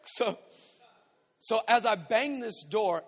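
A man pastor preaching a storytelling sermon, animated and acting out voices, swinging between shouts and hushed asides. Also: sits high, fast talker. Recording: long hall reverb.

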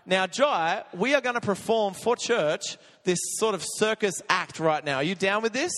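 Man preaching, lively storyteller, high voice, echoey church hall. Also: moderate pace. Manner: energetic storytelling, laughs often. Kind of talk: sermon. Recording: long echo of a church hall.

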